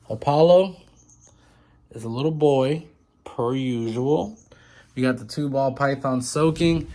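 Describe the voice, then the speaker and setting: A man's voice: a little high, darkish tone. A man vlogging from a room of reptile tanks, talking casually into a handheld phone and often correcting himself as he rambles. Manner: rambling, chatty, self-correcting. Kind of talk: casual walkthrough vlog.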